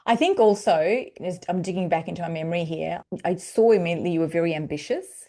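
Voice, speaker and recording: A woman's voice: fairly low pitch, fast, warm tone. A middle-aged woman hosting a podcast interview, affirming her guest often and sharing her own views. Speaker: podcast host.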